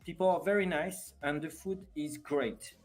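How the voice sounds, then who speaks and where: Male streamer, French accent, slightly raised voice, chatty and unsure of himself, soft music in the background. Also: fairly high pitch, moderate pace. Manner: chatty, hesitant, self-deprecating, laughs often. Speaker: live streamer. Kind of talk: casual live stream chat.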